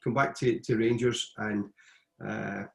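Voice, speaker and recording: A middle-aged man, telling stories from his football career in a casual, animated way as an interview guest. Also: fairly low pitch, measured pace, gravelly, roomy sound. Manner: anecdotal, animated retelling with frequent restarts. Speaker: guest, former footballer and coach. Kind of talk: casual storytelling.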